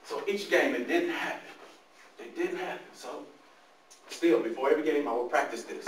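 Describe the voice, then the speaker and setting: Male motivational speaker, animated storyteller, fairly high voice, captured from a distance in an echoey room. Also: moderate pace, a little hiss or hum. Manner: animated storytelling, talks to the audience. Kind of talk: motivational talk to youth. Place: large room, speaking to a live audience. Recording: echoey room, mic far off.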